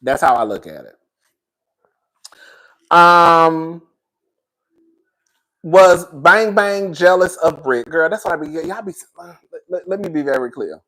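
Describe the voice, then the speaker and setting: A man's voice: on the high side, expressive, slow pace, pauses often, pushed and bright. A man giving a casual, opinionated review of a reality show, sassy and blunt, calling his viewers girl and baby. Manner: blunt, swears freely. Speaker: reality TV commentator.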